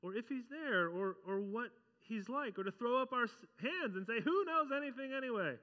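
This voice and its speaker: A man preaching a conversational sermon as pastor, animated and often acting out the voices he quotes. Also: very high voice, normal speed, big-room sound, muffled recording.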